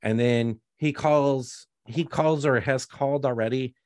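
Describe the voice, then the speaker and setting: In clean, dry studio sound, an unhurried podcast co-host with a darkish mid-range voice gives a casual movie review. His talk wanders, cuts itself off and drips with sarcasm.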